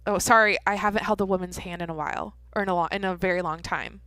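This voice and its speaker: A woman quoting a kindly older homeless man, speaking softly and apologetically in her own voice. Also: on the low side, fast, dry recording. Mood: apologetic. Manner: soft, apologetic.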